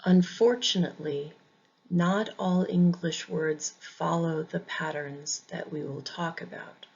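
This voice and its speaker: Very slow, deliberate woman teacher. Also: lowish voice, fairly even intonation, vocal fry, darkish tone, slightly rough, dull audio. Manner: careful, deliberate, repeats words for drilling. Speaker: pronunciation teacher. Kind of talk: slow, clear pronunciation lesson.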